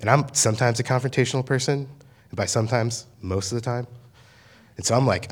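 A man's voice: mid-range voice, fairly quick. A young man in his twenties on campus ministry staff, giving a casual, conversational sermon full of fillers and paraphrased asides.

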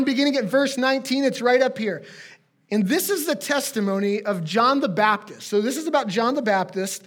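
A man's voice: extremely high pitch, brisk, a bit bright. A man preaching a conversational sermon as a pastor to his congregation, with friendly asides.

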